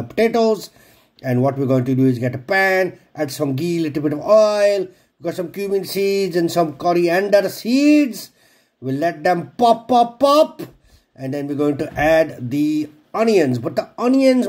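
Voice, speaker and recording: A man's voice: sits high, a little mellow. A man presenting a home cooking video in a casual, jokey way, swearing freely and poking fun at himself. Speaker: home cook presenting a recipe.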